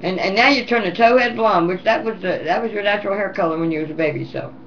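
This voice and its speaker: A hoarse woman recording a rambling, affectionate and teasing home video message to her children. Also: mid-range voice, quick pace, fairly bright tone, lo-fi sound, a little hiss or hum. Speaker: mother addressing her children.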